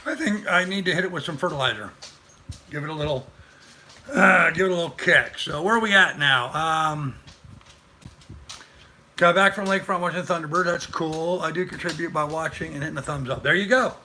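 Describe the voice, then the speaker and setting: Older male host, rambling live chat, very bright voice, pitched a bit high. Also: brisk. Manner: rambling, chatty, greets viewers. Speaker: livestream host. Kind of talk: casual live-stream chat.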